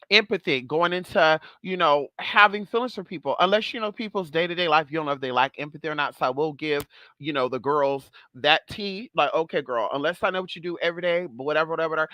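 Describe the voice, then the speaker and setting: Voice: medium pitch, bright, forceful tone, no echo. A vlog host talking casually and sassily, swearing freely and calling viewers "girl" and "honey". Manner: sassy, profane, chatty, calls viewers girl and honey. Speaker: channel host.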